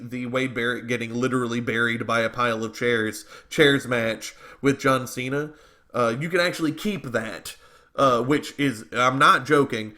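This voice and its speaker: A man's voice: medium pitch, bright, forceful tone. A man co-hosting a wrestling podcast, talking in a casual, opinionated, rambling way, often restarting his sentences. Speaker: podcast co-host. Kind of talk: casual wrestling commentary chat.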